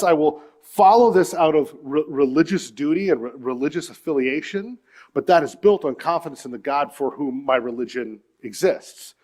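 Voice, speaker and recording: A middle-aged male pastor gives a sermon in a church. His voice sits a little higher than most men's. He drops to a near-hush for personal stories, then rises sharply to drive his points home. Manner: earnest storytelling, swings from hushed to emphatic.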